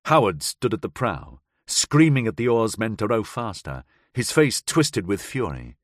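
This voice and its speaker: A man reads a suspenseful audiobook in the first person, measured and dramatic, his pitch rising and falling expressively. He sits close to the mic in a dry, deadened booth. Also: big pitch swings, dry recording. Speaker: audiobook narrator. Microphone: close studio mic.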